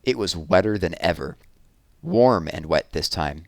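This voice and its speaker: A man reading a children's picture book aloud in a gentle, unhurried storytelling manner. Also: low voice, lively intonation, dry recording. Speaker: storybook reader.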